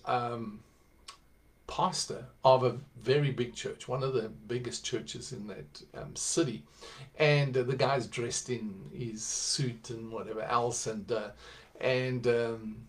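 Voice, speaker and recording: A man preaching, telling a personal story in a conversational way that builds to emphatic exhortation. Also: mid-range voice. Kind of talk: sermon storytelling.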